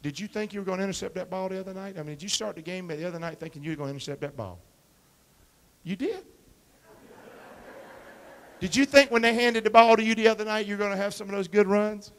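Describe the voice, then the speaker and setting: Male pastor, sermon, high voice, call-and-response, long church reverb. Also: fast, long pauses. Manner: call-and-response preaching, quoting scripture; swings from soft asides to loud emphatic lines. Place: church sanctuary.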